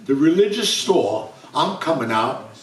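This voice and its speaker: A man's voice: a little high, very animated, measured pace. Older new man telling stories in a roomy hall. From New York. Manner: chatty anecdotal storyteller acting out dialogue. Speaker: author guest speaker. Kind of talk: storytelling to a live audience. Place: bookstore event room. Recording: roomy sound from a distant mic.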